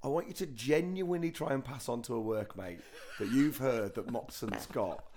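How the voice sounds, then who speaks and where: A man's voice: mid-range voice, normal speed, a little mellow. A man joking around as a podcast co-host, playful and laughing often. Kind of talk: casual comedy chat.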